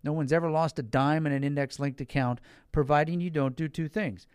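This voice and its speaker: A man's voice: a little high, steady tone, a little fast, a little mellow, clear, resonant tone, no room sound, clean studio sound. A man explaining financial products in a folksy, repetitive sales manner, talking directly to the listener and stressing key words. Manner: folksy, repeats points, talks directly to listeners. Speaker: financial advisor.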